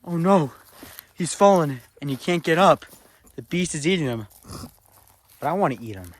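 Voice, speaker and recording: A man's voice: fairly high pitch, lively intonation, moderate pace. A man vlogging a playful outdoor adventure in a goofy, mock-dramatic way. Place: outdoors in a field.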